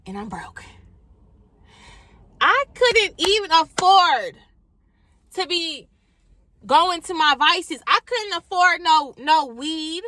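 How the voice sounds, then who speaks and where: A young woman vlogger who also recommends books speaks in a very high, animated, bright and forceful voice, yet slowly. Addressing viewers as y'all, she gives a casual, emphatic faith testimony to camera in a low-quality recording without echo.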